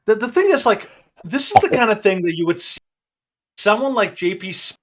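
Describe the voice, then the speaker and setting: A man's voice: high voice, big pitch swings, normal speed, a bit bright, slight background noise. A man co-hosting a podcast, giving opinionated casual commentary that rambles with many restarts. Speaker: podcast co-host.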